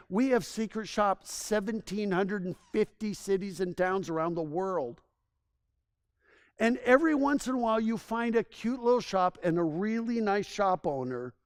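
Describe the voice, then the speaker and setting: High-voiced enthusiastic male presenter. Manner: enthusiastic, rambling storyteller with frequent restarts. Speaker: presenter giving a town assessment. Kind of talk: live presentation to a local audience.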